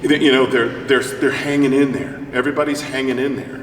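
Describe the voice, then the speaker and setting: A middle-aged man who sings opera is the guest in an informal interview held in a church, joking, rambling, and telling stories with animation. His mid-range voice runs slightly fast, and the distant mic catches the hall's roominess along with faint hiss.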